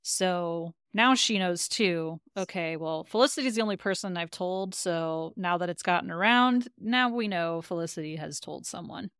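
Chatty woman recapping, smooth voice. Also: fairly low pitch, normal speed, hardly any pauses, a bit bright, no room sound, clean studio sound. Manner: chatty, retells scenes with quoted lines. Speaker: podcast co-host. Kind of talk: casual recap chat.

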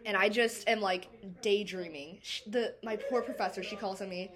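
A young woman hosts a podcast, chatting loosely and swearing freely. Her talk runs on filler words and easy storytelling, in a voice of middle pitch. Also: steady tone, normal speed, crowd noise. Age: young adult. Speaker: podcast host. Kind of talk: casual podcast chat.

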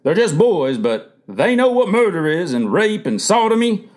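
A man doing a slow-spoken wise old grandfather. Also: high voice, sing-song, pitched above the performer's own voice. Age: older. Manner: slow, deliberate, gently probing.

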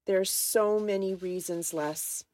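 A woman voicing an anxious, remorseful young woman in a quiet, uneasy way while reading a novel aloud. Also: mid-range voice, a little slow, no echo, lightly acted.

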